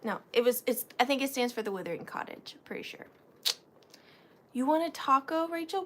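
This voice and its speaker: A woman's voice: high-pitched, expressive, brisk, a bit bright. A woman with a Southern US accent hosting a livestream, chatting sweetly with viewers and greeting them by name. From Georgia, US. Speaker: livestream host.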